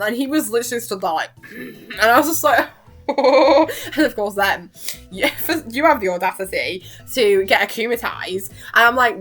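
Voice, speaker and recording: A woman's voice: mid-range voice, expressive, normal speed, fairly bright tone, faint music behind. Giggly, gushing young woman vlogger. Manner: gushing, giggly, acts out quotes. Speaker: reaction vlogger. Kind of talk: casual rambly chat.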